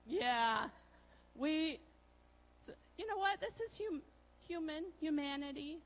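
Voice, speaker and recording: A woman preaching a conversational sermon, asking her listeners questions and using many fillers. She swings between loud emphasis and soft, hushed lines. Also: sits high, expressive, takes it slowly, rough recording. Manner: chatty, asks the audience questions, many fillers.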